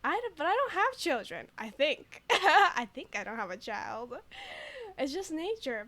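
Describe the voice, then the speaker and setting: A woman's voice: high voice, very animated, unhurried, bright, forceful tone. Giggly young woman streamer. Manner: giggly, chatty, reads dialogue aloud. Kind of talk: gameplay commentary.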